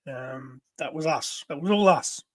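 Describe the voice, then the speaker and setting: A man's voice: fairly high pitch, unhurried, no room sound. A man co-hosting a casual toy livestream, dropping laid-back asides with a few fillers.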